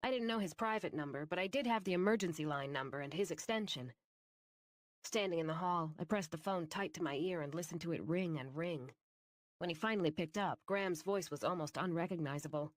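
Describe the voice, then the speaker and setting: A woman's voice: on the low side, brisk, dry recording. Woman narrating an audiobook, dry sound. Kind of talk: first-person scripted narration.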